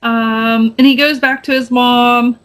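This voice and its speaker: A woman's voice: flat delivery, slow pace, fairly bright tone. A woman co-hosting a podcast, recapping a movie in casual, rambling chat full of fillers and restarts. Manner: acts out quoted lines with raised pitch. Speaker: podcast co-host.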